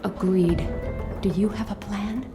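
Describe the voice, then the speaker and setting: An actress voicing a sharp-tongued young woman held captive in a video game, speaking in a sarcastic, teasing way. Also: mid-range voice, fairly even intonation, takes it slowly, loud music behind the voice.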